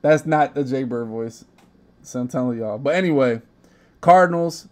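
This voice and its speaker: A man's voice: mid-range voice, normal speed. A young man hosting a casual gaming podcast, talking brash, profane trash talk. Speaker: podcast host.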